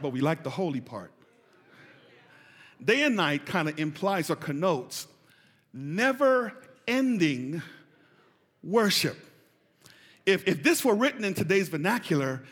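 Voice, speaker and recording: Man, pastor, high ringing voice, call-and-response sermon, long church echo. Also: big pitch swings, a little slow, pauses often. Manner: preaching with call-and-response, rising to shouts. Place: large church hall. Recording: reverberant church hall.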